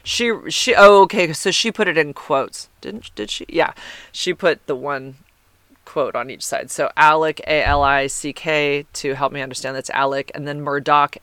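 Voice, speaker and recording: A woman's voice: low voice, normal speed, a bit bright, clean tone, no room sound, clean studio sound. A woman hosting a podcast, reading listener comments in a rambling, chatty way and correcting herself as she goes. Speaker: podcast host.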